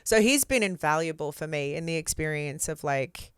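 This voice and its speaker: A woman's voice: deep voice, lively intonation, normal speed, clean tone, no room sound, clean studio sound. A woman from Australia with an Australian accent, telling stories candidly and expressively as an interview guest, with casual fillers.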